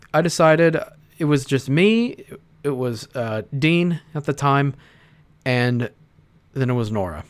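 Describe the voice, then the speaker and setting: A man hosting an informal commentary. His delivery is rambling and halting, with many restarts and casual swearing. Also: medium pitch. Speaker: host.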